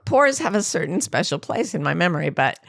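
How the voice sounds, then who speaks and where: Middle-aged woman, podcast co-host, gravelly voice, lively swooping pitch, laughs a lot. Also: brisk, dry recording, clean studio sound. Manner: laughing, animated storytelling. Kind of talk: casual chat.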